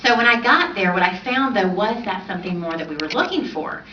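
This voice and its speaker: Bright-voiced woman telling her story on stage. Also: mid-range voice, a little fast, a little hiss or hum. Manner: animated storyteller, laughs often. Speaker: speaker on stage. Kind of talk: personal testimony speech. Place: large event hall on stage. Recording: roomy distant hall audio, dull.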